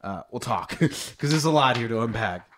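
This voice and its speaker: Brief: podcast co-host, animated reader with a swooping pitch. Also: male voice, normal speed, a little hiss or hum. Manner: animated, laughing often. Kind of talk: reading aloud and joking banter.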